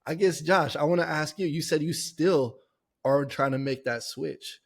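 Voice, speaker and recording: A man's voice: on the high side, moderate pace. A man hosting a podcast, asking long, rambling questions in a casual, enthusiastic way, full of "like" and restarts. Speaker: podcast host. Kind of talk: casual conversational interview.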